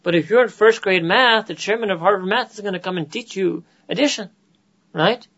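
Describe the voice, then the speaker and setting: A man with an American accent giving an animated religious lecture to a gathering, often asking "right?" and dropping in Urdu phrases. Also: high-pitched, brisk, husky, muffled recording. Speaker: Islamic teacher.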